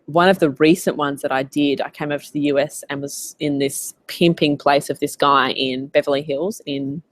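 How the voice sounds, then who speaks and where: An Australian woman coaching in a casual live Q&A, chatty and animated as she tells stories. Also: low-pitched, normal speed. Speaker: business coach.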